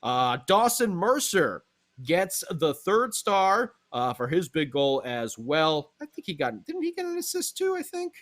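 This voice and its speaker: Excited male hockey podcast host. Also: a little high. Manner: animated, fast, fan-like enthusiasm. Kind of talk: excited sports talk recap.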